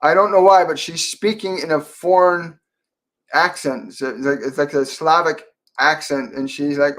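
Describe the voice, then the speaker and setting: A man hosting a live-stream Q&A as a psychic medium, talking softly and meanderingly with many fillers and restarts. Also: on the high side, steady tone, moderate pace. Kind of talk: live-stream Q&A, relaying spirit messages.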